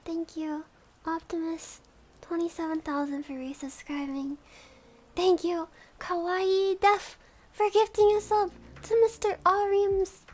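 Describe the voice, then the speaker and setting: High-voiced giggly woman streamer. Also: little pitch movement, unhurried, a little mellow. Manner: giggly, thanks subscribers one by one. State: has the hiccups. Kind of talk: casual livestream chat.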